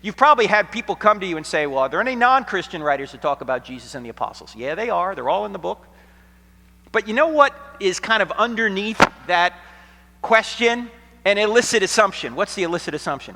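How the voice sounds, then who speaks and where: A middle-aged American man giving an apologetics lecture to college students, telling stories dramatically, sometimes hushed and sometimes nearly shouting, with a sarcastic edge. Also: sits high, lively intonation, quick pace. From United States. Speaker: Christian apologetics speaker. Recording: long hall reverb.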